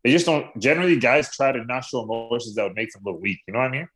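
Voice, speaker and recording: A man's voice: medium pitch, racing, a bit bright. A young man co-hosting a casual podcast chat, talking hesitantly with many repeated fillers and restarts. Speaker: podcast co-host.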